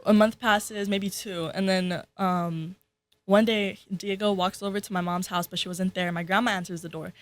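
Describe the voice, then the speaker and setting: A woman's voice: medium pitch, normal speed. A teenage girl, a student co-host, telling a family story in casual chat and acting out the people in it. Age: teens. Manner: animated, acts out quoted relatives.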